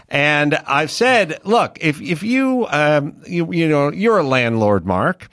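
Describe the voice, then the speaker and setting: A man's voice: fairly high pitch, expressive, normal speed, hardly any pauses, fairly bright tone, no echo. A man co-hosting a podcast in a studio, telling long stories and acting out both sides of a conversation. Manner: rambling storyteller acting out dialogue. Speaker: podcast co-host. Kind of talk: casual talk-show banter.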